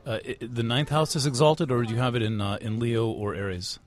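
A man's voice: medium pitch, steady tone, a little fast. A man interviewing a guest, asking probing and lightly teasing questions, often restarting his sentences. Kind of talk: conversational interview.

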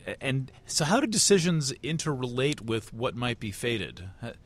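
A man from the United States interviewing at a conference, asking thoughtful questions with halting restarts. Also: medium pitch, very animated, fairly bright tone. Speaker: interviewer, astrology writer.

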